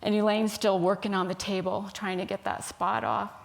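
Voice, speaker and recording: A woman minister giving a sermon, telling a story in a gentle, unhurried way. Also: mid-range voice, level tone, gravelly.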